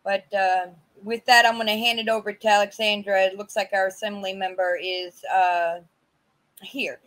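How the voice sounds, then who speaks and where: A woman testifying about her own past on a virtual panel, speaking haltingly with many fillers and restarts over a video call. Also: mid-range voice, little pitch movement, a bit bright, rough recording. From California. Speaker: community advocate sharing her story.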